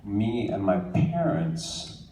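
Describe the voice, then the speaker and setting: At a convention panel in a large, echoey hall, a New Jersey guest actor takes casual fan questions in an expressive, creaky, dark mid-range voice, drawing out his words. He laughs often and jokes and teases freely; a distant mic picks up the crowd's noise.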